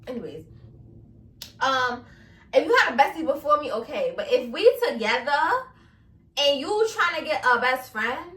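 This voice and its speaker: A woman's voice: sits high, normal speed, pauses often. Young woman w/ going off on her podcast, laughing, cussing, echoey room and a bit far from the mic. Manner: blunt, animated, laughing, profane. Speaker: podcast host. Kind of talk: casual solo podcast rant.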